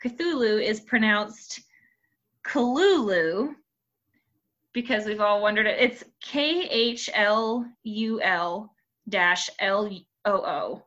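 Giggly woman podcast co-host, bright voice. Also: medium pitch, lo-fi sound. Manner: giggly, reads aloud haltingly. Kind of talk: casual chat.

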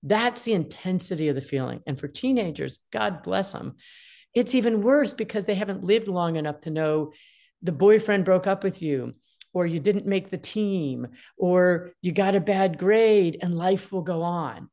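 Here a woman in her sixties gives parenting tips as a relaxed guest, expressively performing children's voices in quotes. She talks at a normal speed with a fairly low pitch.

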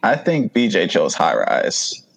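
A man giving hesitant, low-key answers in a casual group chat. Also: wildly swooping pitch, a little slow, vocal fry, husky. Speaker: panelist.

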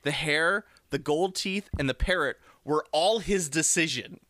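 A man co-hosting a casual movie podcast, chatty, with quick asides and laughs. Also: fairly high pitch, bright, forceful tone, no echo, studio quality. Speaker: podcast co-host.

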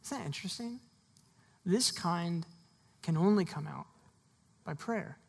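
A pastor preaching a sermon in a loose, conversational way, breaking into quick laughs and slipping into the voices of the people in the story. The voice is husky and sits at a middle pitch. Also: lively intonation.

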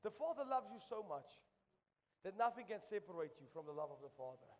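A man's voice: sits high, very animated, fairly quick, long reverb tail. A man preaching a sermon in a church, impassioned and repeating phrases for emphasis. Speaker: pastor. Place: church sanctuary.

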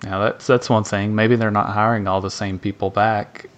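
A man's voice: fairly low pitch, little pitch movement, moderate pace. A man from Tennessee, co-hosting a podcast in casual chat, rambling with lots of fillers. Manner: rambling, hesitant with many fillers. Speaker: podcast co-host.

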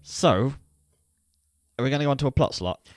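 A man, co-hosting a casual film podcast, relaxed and quick to laugh. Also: mid-range voice, no room sound, studio quality. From Yorkshire, England. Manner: relaxed, chatty, laughs easily. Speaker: podcast co-host.

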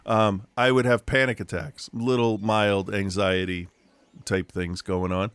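Low-voiced man telling rambling stories. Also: flat delivery, unhurried, a bit bright, clear, resonant tone, no room sound. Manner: rambling storyteller, frequent restarts and laughs. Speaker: podcast co-host. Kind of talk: casual chat. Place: home room.

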